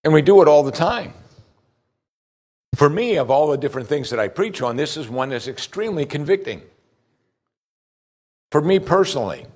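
This middle-aged pastor's sermon mixes scripture reading with pointed questions for his listeners. He speaks at a fairly high pitch and normal speed, animated and a little mellow, pausing often.

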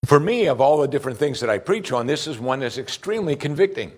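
A man's voice: medium pitch, very animated, fast talker, a little mellow. A man preaching a sermon as pastor, putting direct questions to his listeners with emphasis.

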